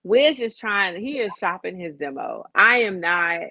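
A woman's voice: mid-range voice, animated, measured pace, highs cut off, slight background noise. Blunt, profane woman from Chicago. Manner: candid, profane, laughs through her stories. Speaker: podcast co-host. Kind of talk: casual chat.

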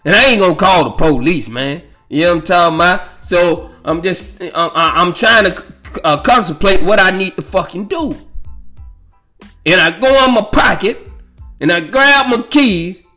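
A man's voice: high voice, expressive, moderate pace, pushed and bright, faint music behind. A man hosting a podcast who tells casual, profane, rambling stories, laughs at his own jokes and keeps checking in with "you know what I'm saying.". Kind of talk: casual storytelling monologue.

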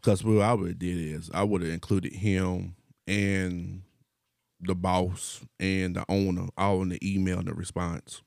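Very deep-voiced blunt man. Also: little pitch movement, measured pace, vocal fry, a little mellow, no echo, studio quality. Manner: blunt, outspoken. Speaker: podcast co-host. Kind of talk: casual chat.

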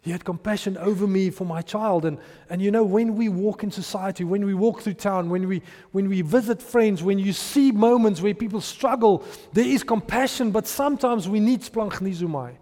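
A man's voice: sits high, moderate pace, hardly any pauses, dark tone, in a large hall. A man preaching a sermon and acting out the people in his stories. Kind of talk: sermon with storytelling.

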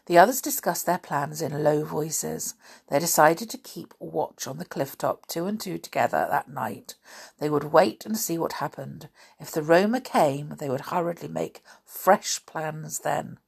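A woman's voice: deep voice, measured pace. A woman reading a children's adventure novel aloud, with chatty asides. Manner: chatty asides and frequent throat clearing. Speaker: storybook reader.

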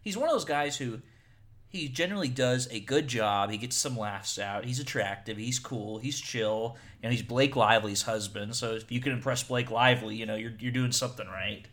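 A man hosting a casual movie review podcast, animated and often repeating words as he starts a thought. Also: medium pitch, normal speed. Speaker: podcast host.

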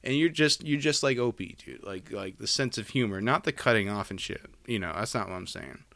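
A man's voice: lowish voice, brisk, vocal fry, fairly bright tone, no room sound. A young man co-hosting a podcast, rambling in casual chat with lots of restarts. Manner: rambling, restarts, laughs a lot. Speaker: podcast co-host.

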